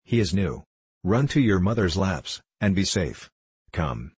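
Brash street boy, teasing, low and husky, man reading. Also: big pitch swings, unhurried, darkish tone, dry recording, exaggerated voice. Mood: cocky. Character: bold street boy, cocky and quick.

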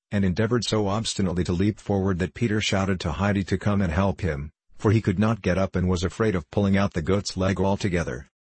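A man reading a children's story aloud in a steady, measured narration. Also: sits low, slightly rough, no echo. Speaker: audiobook reader. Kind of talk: scripted narration of a children's classic.

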